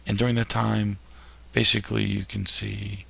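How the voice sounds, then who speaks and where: A man's voice: lowish voice, flat delivery, normal speed, creaky, pushed and bright, breathy edge. A man teaching history in a recorded lecture over slides, with jokey, self-deprecating asides.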